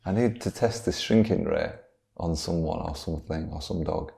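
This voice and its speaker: A man's voice: deep voice, normal speed, vocal fry, dark tone, voice pushed down. Man playing a lonely earnest scientist. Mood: reassuring. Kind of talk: improvised comedy podcast.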